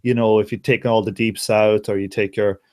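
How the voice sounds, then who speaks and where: A man's voice: on the low side, level tone, brisk, a little mellow. A man with an Irish accent chatting casually, rambling with many restarts and frequent laughs. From Ireland. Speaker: conversation partner. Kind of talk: casual chat.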